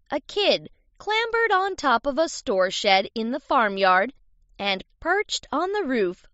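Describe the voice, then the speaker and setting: A woman reading storybook fables aloud in a measured, expressive way. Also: mid-range voice, dry recording. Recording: dull lo-fi recording.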